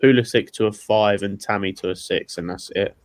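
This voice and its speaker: A lower-voiced man giving short, matter-of-fact opinions in a casual chat. He states his view plainly, then stops. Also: fairly even intonation, a little fast, dry recording. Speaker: podcast panelist.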